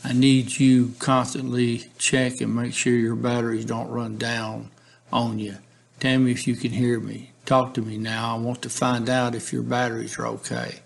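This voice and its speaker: A man's voice: mid-range voice, little pitch movement, normal speed, gravelly, lightly acted. A man reading the lines of a police negotiator from a case transcript, steadily and repetitively coaxing a man to talk. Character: male police negotiator, patient, persistent, pleading.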